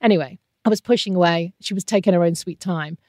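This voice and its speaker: A woman's voice: fairly low pitch, quick pace, a little mellow, dry recording, clean studio sound. Candid middle-aged woman, emotional. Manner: emotional, candid, often trailing off. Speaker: interview guest. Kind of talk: personal storytelling in conversation.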